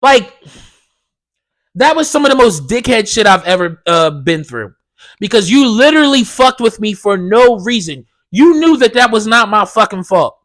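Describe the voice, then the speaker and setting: A young man hosts his own podcast and rants hard, cursing all the way through. His voice sits high for a man and comes out bright and sharp, with a fired-up, profane edge. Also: very animated, normal speed. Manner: profane, heated ranting. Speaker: podcast host. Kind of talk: solo podcast rant.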